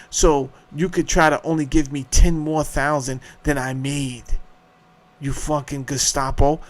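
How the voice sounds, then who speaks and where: A man's voice: fairly high pitch, fairly even intonation, unhurried. A middle-aged man hosting a show, ranting in a heated, profane monologue. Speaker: show host.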